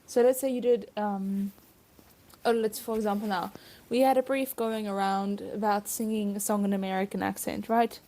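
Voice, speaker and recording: A woman's voice: mid-range voice, steady tone, moderate pace, mellow. A woman hosting her own podcast, a stage performer talking casually and reflectively with frequent asides and laughs.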